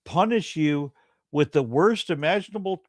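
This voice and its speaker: A man's voice: a little high, animated, normal speed, dry recording. A man co-hosting a live stream, talking bluntly and emphatically, with some profanity. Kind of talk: casual debate review chat.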